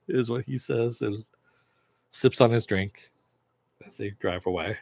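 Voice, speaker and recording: A man's voice: medium pitch, unhurried, gravelly, long pauses, darkish tone, dry recording. A man casually recapping a TV episode, retelling scenes loosely with fillers and occasional laughs. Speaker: show reviewer.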